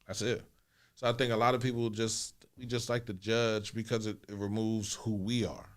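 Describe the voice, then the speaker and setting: A man's voice: lowish voice, little pitch movement, normal speed. A man in his forties co-hosting a candid podcast conversation, talking in a loose, slangy way and often repeating himself as he thinks aloud. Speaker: podcast co-host.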